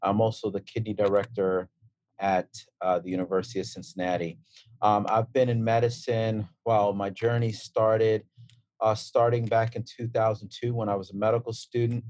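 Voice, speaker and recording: A man's voice: on the low side, moderate pace, no echo. Brooklyn-accented man telling stories. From Brooklyn, New York. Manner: relaxed storytelling with fillers and restarts. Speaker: transplant surgeon guest. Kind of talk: casual interview talk.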